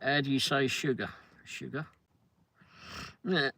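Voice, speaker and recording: A man's voice: mid-range voice, steady tone, slow, creaky, sharp tone, no room sound. An older man hosting a livestream, chatting casually in a rambling way while reading viewer comments, often laughing. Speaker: livestream host.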